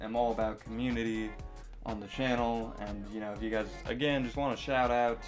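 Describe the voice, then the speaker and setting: A man's voice: medium pitch, steady tone, fairly quick, faint music behind. A young man casually answering viewer questions in a vlog, rambling with lots of fillers and self-deprecating asides.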